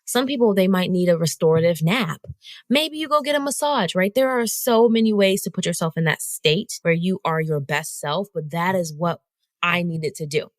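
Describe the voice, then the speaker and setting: A woman hosting a solo podcast, telling a story in an animated, conversational way and talking straight to her listeners. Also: lowish voice, normal speed, no echo. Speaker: podcast host.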